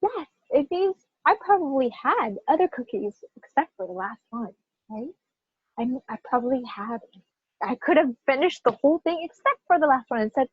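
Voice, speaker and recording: A woman teaching a pronunciation lesson to students, animated and stressing single words in example sentences, checking in often with "right?". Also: high-pitched, moderate pace, husky, no room sound. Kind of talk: classroom teaching. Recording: dull lo-fi sound.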